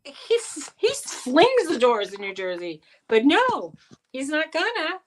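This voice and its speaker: Woman, middle-aged, casual live chat, animated, higher pitch, coaxing baby talk. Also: slow pace, a little hiss or hum. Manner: animated, slips into high baby talk to coax her pet. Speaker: co-host of a live chat show.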